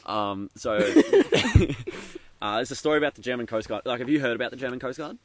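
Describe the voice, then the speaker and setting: A man's voice: medium pitch, wildly swooping pitch, moderate pace. A man co-hosting a casual podcast outdoors, telling stories with lots of ums and laughs. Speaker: podcast co-host. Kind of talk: casual chat. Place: outdoors in the bush.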